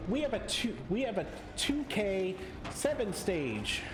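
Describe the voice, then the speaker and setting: A young man casting a competitive video game live, excitable, sometimes stumbling over his words. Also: high voice, measured pace, reverberant, noisy background. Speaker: esports caster.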